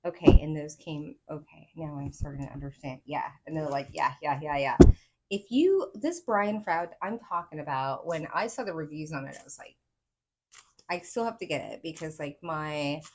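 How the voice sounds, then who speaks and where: Southern woman on the low side, hosting a loose, excitable tarot reading for her viewers. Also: moderate pace, very noisy. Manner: excitable, rambling, talks to viewers as folks. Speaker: tarot reader. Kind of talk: casual pick-a-card tarot reading.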